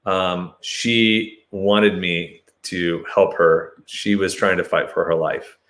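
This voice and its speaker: A man hosting his show, telling a personal story as a monologue and acting out shouted lines with sudden high jumps. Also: steady tone, slow pace, roomy sound.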